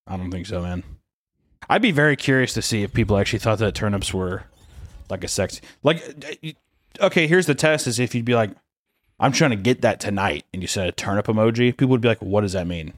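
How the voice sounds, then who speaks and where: A man's voice: fairly low pitch, expressive, quick pace, dry recording, studio quality. A young man co-hosting a comedy podcast, riffing jokily and dropping into silly put-on voices. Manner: jokey, riffs and slips into put-on voices. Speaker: podcast co-host. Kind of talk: casual comedic banter.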